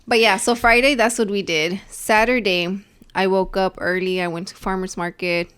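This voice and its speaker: This young woman co-hosts a podcast and wanders through a casual account of her week, mixing in Spanish phrases. She speaks at normal speed with fairly even intonation, and her medium-pitched voice is clear, resonant, and fairly bright.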